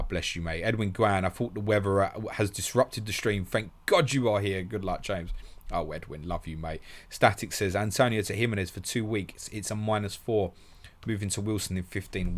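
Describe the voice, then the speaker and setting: A man with a low voice runs a live question stream. He is brisk and matey, reading each question aloud and then answering it. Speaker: podcast host.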